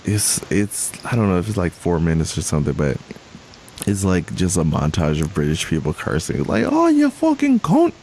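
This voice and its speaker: Deep-voiced man rambling on a podcast. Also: moderate pace, darkish tone. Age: young adult. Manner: rambling, self-correcting, laughs often. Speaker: podcast co-host. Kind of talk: casual chat. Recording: faint hiss.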